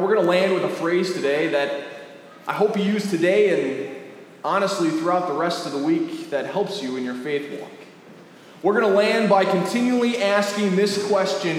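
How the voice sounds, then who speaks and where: A man pastor preaching a sermon in a lively, conversational way, asking the congregation rhetorical questions. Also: fairly high pitch, slight background noise. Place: church sanctuary. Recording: echoey church hall with faint ambience.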